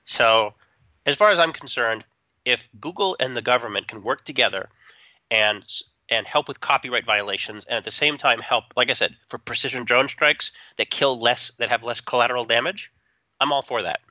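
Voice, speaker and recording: Man, podcast co-host, casual chat, joking asides, very bright tense voice, dry close sound, slightly muffled. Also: medium pitch, normal speed, dry recording. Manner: animated, joking, trails into asides.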